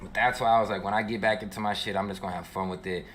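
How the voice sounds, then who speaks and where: A man's voice: lowish voice, steady tone, very fast, a bit bright. A man in casual chat on a gaming stream, talking in loose slang with lots of swearing and laughing at himself.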